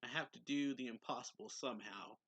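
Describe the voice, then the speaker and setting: A man's voice: mid-range voice, fairly quick, a bit bright, breathy edge, dull audio. A man voicing an anxious, pleading young male vampire from a manga, read lightly. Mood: desperate.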